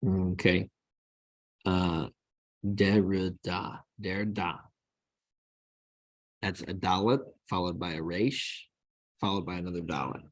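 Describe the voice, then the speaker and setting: Slow, low-voiced male teacher. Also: steady tone, no echo. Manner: slow, repeats each word to model pronunciation. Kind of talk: screen-recorded lesson.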